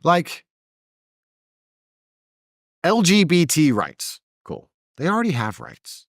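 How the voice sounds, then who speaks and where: An interview host with a fairly high, slow voice tells stories in a casual chat, animated, blunt and combative. The sound is dry and studio quality.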